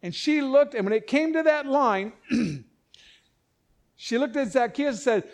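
A man teaching a Bible passage in a conversational sermon, animated and acting out the voices, often breaking off and restarting. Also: extremely high pitch, unhurried.

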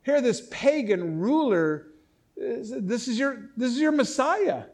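A man's voice: extremely high pitch, very animated, measured pace, darkish tone. A middle-aged man preaching a sermon, explaining scripture with emphatic, impassioned delivery and frequent restarts. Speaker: pastor.

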